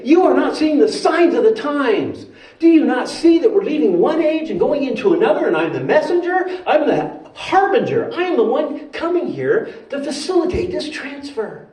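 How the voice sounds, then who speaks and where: A male preacher voicing an amused, patient teacher who gently teases his listeners in an exasperated, emphatic way, in a church sanctuary. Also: very high-pitched, voice pushed up. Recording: roomy hall from far off.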